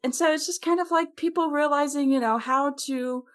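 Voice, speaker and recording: A woman co-hosting a podcast, chatting casually and telling stories with quick asides. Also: high voice. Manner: chatty, animated storyteller with laughs and quick asides. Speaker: podcast co-host. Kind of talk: casual chat.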